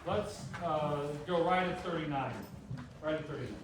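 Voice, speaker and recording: A man's voice: a little high, normal speed, noisy background. A man working as a band clinician, giving rehearsal instructions, counting off and singing rhythms on syllables. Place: large rehearsal room. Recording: echoey rehearsal hall, far mic. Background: band playing.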